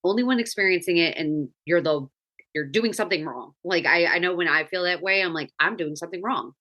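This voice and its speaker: A mother in her thirties hosts a podcast, speaking in a lowish voice a little fast over a muffled recording. Her casual chat is earnest and reflective, and she often restarts her sentences.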